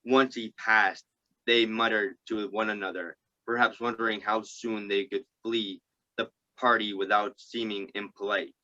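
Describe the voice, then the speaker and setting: A man reading a novel aloud to a group, halting and stumbling over words and restarting. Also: fairly low pitch, steady tone, pushed and bright, dull audio. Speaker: group reader.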